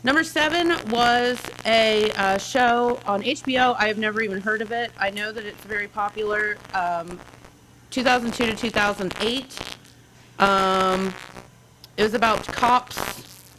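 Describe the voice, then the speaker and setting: A woman on a call reading out quiz clues in a casual chat, upbeat and quick to laugh. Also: mid-range voice, fairly even intonation, background noise. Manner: upbeat, laughs often, reads clues with pauses. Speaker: guest caller.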